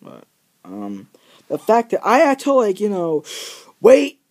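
A man's voice: high-pitched, huge pitch swings, slow pace, a little mellow. A teenage guy vlogging, ranting in an exaggerated, rambling way with lots of fillers. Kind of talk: ranting vlog monologue.

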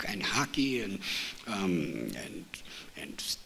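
A man, a spiritual teacher telling a story to an audience in a library auditorium, speaking gently and letting his phrase endings fall soft. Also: deep voice, sing-song, slow, vocal fry, a little hiss or hum. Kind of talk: storytelling talk.

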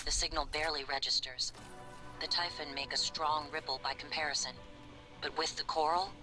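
A woman voicing a calm female operator robot in a video game, measured and explanatory. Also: low voice, lightly acted, poor audio. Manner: measured, explanatory, matter-of-fact.

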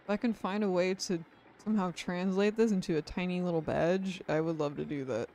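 Tired, gravelly-voiced game streamer. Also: mid-range voice, steady tone, brisk, a little mellow, a little hiss or hum. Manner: rambling and apologetic, frequent restarts. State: tired after a long day. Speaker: streamer playing a video game. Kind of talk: casual gameplay commentary.

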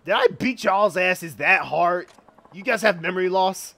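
A man giving gaming commentary, excitable and profane, reacting out loud as he plays. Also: high voice, unhurried, gravelly. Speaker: gaming video host.

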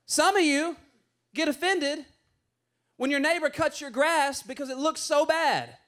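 Male pastor, very high voice, lively and playful sermon delivery. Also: unhurried. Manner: animated, playful, acts out voices in stories.

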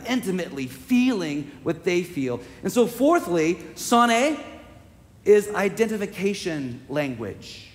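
A male pastor delivers a heartfelt sermon at a slow, deliberate pace, his voice sitting high. His phrases swell into emphatic repetition. The sound carries the long reverb of a church sanctuary. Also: very animated.

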